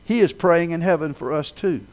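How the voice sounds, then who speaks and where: A man preaching a sermon, telling a story with dramatic swells that rise loud and then sink low. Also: moderate pace. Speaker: pastor.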